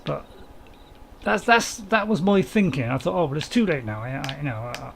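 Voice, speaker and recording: A man's voice: on the high side, animated, normal speed, creaky, a bit bright, a little hiss or hum. A man, casually commenting on a farming game while streaming and chatting to viewers in a rambling, self-mocking way.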